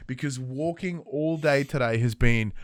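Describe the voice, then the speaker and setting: A thirtysomething Australian man hosts a casual-chat podcast, speaking a little slowly in a mid-range voice and acting out quotes as he tells lively stories. The sound is clean studio audio with no room sound.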